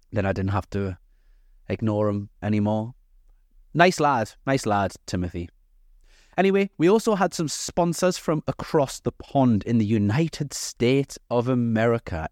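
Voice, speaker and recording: A man's voice: medium pitch, darkish tone, dry recording, clean studio sound. A man hosting a comedy podcast, talking in a cocky, swearing, jokey way. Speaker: podcast host. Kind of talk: comic podcast banter.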